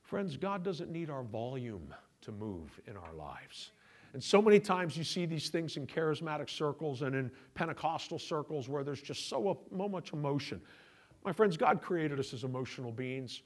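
A middle-aged pastor delivers his sermon in a slightly higher voice. He talks to the congregation as if in conversation, dropping to quiet asides and then pressing his points harder. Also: expressive, normal speed. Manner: conversational preaching, shifting between quiet asides and raised emphasis.

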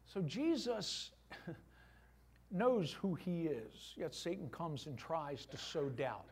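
A middle-aged man preaches a sermon in church. His voice sits high and swings widely in pitch. He acts out little voiced asides as he goes. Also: expressive, takes it slowly, slight background noise. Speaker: pastor.

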